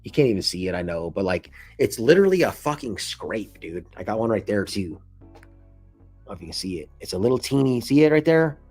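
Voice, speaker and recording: Husky young guy telling a casual story. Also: brisk, faint music behind. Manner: swears freely, calls listener dude and bro; acts out quoted lines in a much higher excited voice. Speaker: vlogger. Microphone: camera mic, showing scars to camera.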